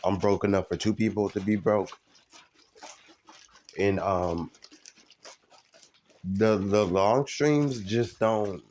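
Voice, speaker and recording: A man live streaming, talking casually to his viewers in a halting way, full of ums and restarts. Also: lowish voice, darkish tone. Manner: halting, many fillers and restarts.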